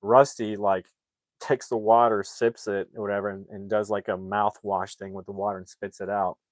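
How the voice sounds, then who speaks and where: Low-voiced guy rambling through a movie recap, loads of fillers, dry close sound. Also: level tone, moderate pace, dry recording. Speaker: movie reviewer. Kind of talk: casual plot recap.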